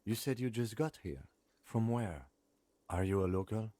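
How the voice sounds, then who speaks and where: An actor voicing a calm, precise male police lieutenant in a video game, measured and dry. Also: on the low side, no echo, natural voice.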